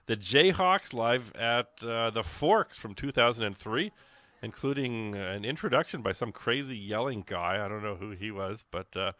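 A man hosting a live radio fundraiser, chatting in an excitable, rambling, jokey way from a studio. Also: fairly low pitch, moderate pace, no echo. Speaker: radio host. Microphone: studio microphone.

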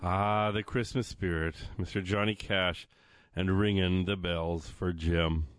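A man working as a radio DJ, introducing songs and events in relaxed, jokey on-air chatter with frequent fillers. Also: low-pitched, a little slow, soft background music. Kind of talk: casual on-air patter. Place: radio studio.

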